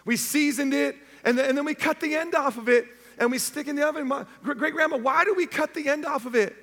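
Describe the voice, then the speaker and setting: A man's voice: very high-pitched, fast, fairly bright tone, long reverb tail, voice pushed up. A man voicing a curious young daughter who keeps asking why, raised a little above his usual voice. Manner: earnest, repeated questioning.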